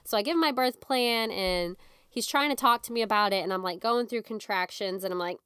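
A young woman casually telling a personal story, animated and full of "like", acting out what people said. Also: mid-range voice, a little fast, clean tone, no room sound, studio quality. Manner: animated, acts out quotes, frequent "like". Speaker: guest telling her birth story.

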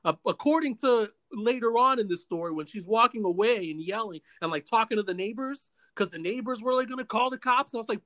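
A man hosting a podcast, telling a long story in a casual, animated way with many stammers and restarts. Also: high voice, fairly quick, hardly any pauses. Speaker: podcast host.

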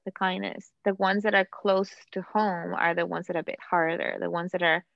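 A woman's voice: on the low side, flat delivery, normal speed, gravelly, no echo. A woman co-hosting a podcast, speaking in a reflective, hesitant way with restarts. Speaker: podcast co-host and medium. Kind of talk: casual chat. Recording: dull, dry lo-fi sound.

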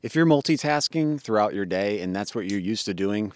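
A man's voice: lowish voice, lively intonation, a little fast, no room sound, studio quality. A man co-hosting a podcast, explaining fitness ideas in a thoughtful, casual way with frequent fillers. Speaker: podcast co-host.

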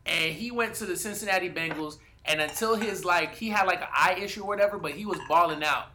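A man talking casually in a sports debate podcast, animated and profane, hedging with fillers as he argues his picks. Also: high-pitched, fast, slight background noise. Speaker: podcast co-host.

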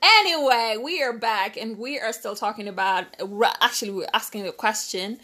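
A woman hosting a casual family podcast, chatty and teasing, often sarcastic and quick to laugh. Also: a little high, a crowd in the background. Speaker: podcast host.

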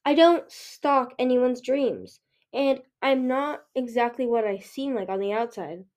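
A woman's voice: high voice, a little slow, a little mellow. A woman voicing an anxious, defensive young female dragon with flustered protests.

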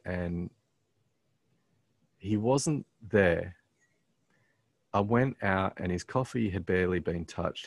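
Low voice guy, halting and earnest, chatting about faith, dead dry sound. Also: gravelly, no room sound. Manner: halting, many ums and restarts; earnest, faith-filled reflection. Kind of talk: casual conversational storytelling.

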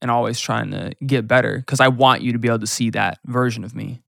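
A man's voice: medium pitch, steady tone, fast, creaky, fairly bright tone, dry recording, clean studio sound. A young man hosting a podcast and chatting casually with his father, often saying "like". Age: young adult. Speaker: podcast host.

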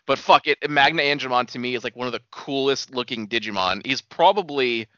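A young man co-hosting a podcast, talking in a relaxed, enthusiastic way with casual swearing. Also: mid-range voice, a little fast, no room sound, lo-fi sound. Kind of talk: casual chat.

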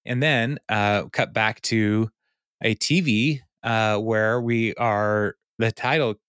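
A man's voice: lowish voice, fairly even intonation, slow, a bit bright, clean tone, dry recording, studio quality. A man co-hosting a podcast, casually retelling a sitcom episode by quoting the characters, with fillers and laughs along the way. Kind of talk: casual chat.

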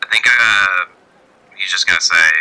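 Low-voiced man at a game table. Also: moderate pace, bright, forceful tone, smooth. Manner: hesitant, with many fillers. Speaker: tabletop player. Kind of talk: casual game table chat. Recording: phone-like lo-fi line.

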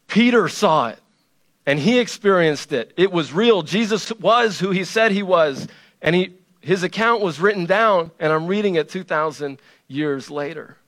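Slightly high-voiced conversational male preacher. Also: fairly bright tone. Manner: conversational and playful, with emphatic repetition. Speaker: pastor. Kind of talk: sermon.

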